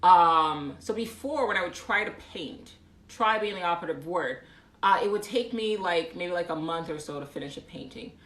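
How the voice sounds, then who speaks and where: A rambling, chatty woman with a low voice, talking casually on a live stream. She drifts between thoughts with lots of ums and reads out viewers' comments as she goes. She is recorded on a phone in a room that rings with echo. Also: normal speed, fairly bright tone. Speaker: painter hosting a live stream. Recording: echoey room.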